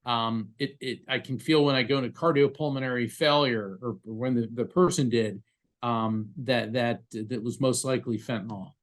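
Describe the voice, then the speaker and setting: Guy psychic medium on a podcast, earnest storyteller, normal pitch. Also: steady tone, normal speed. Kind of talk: conversational storytelling interview.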